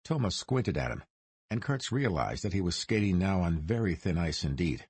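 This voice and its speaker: A man narrating a crime noir audiobook in a measured storytelling manner. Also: low-pitched, sing-song, darkish tone, husky, dry recording.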